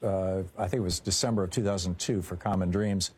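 A man's voice: deep voice, fairly even intonation, a little fast, darkish tone, slightly rough. A man hosting a talk radio show, reading sponsor spots and taking listener calls, with some hesitant restarts when he speaks off the cuff.

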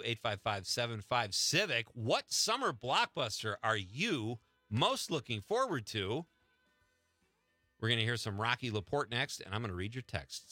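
A man's voice: medium pitch, no room sound. A middle-aged man hosting a talk radio show, telling a story with frequent laughs. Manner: animated, laughing anecdotes.

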